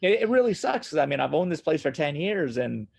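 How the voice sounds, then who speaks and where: A man talking casually as a guest about running his recording studio, animated and laughing often, repeating himself as he goes. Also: on the high side, brisk, creaky. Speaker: guest, studio owner and drummer. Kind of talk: casual conversation.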